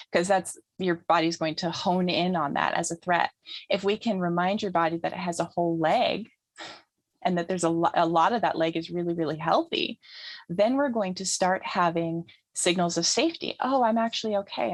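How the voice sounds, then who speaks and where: A woman with a fairly low voice explains how to heal trauma in a calm, teaching manner. She repeats her phrases for emphasis. The sound is dry and close. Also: no echo. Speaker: trauma healing guest speaker. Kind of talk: teaching talk in an interview.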